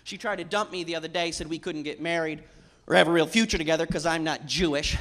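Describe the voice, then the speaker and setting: Brief: young male comedian on stage, high bright voice, chatty delivery that ramps up into shouts. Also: steady tone, fast talker. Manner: loose, conversational, building to shouts. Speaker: stand-up comedian. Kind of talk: stand-up comedy routine. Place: theater stage before a live audience.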